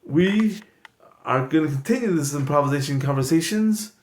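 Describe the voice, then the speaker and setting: A man's voice: a little high, expressive, moderate pace. A man hosting an improv comedy stream, talking in a rambling, joking, loose way as he wraps up. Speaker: comedy channel host. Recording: echoey room, loud background noise.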